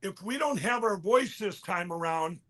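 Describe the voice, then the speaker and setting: A man speaking as an interview guest, telling a long story in an animated, rambling way and quoting other people as he goes. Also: high-pitched, moderate pace, a crowd in the background. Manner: animated, quotes others in mid-story, frequent restarts.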